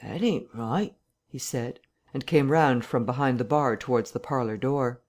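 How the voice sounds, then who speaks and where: An audiobook narrator with a mid-range voice reads a classic novel at a moderate pace, telling the story in a steady, even way.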